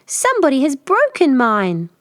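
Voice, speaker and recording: Woman doing a squeaky little bear cub, high and upset, storybook voice. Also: huge pitch swings, normal speed, no room sound, studio quality. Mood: upset squeak.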